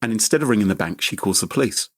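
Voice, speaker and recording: Male podcast host, playful yarn-spinner, lively swings in pitch. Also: racing. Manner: playful storyteller, animated. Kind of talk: casual chat.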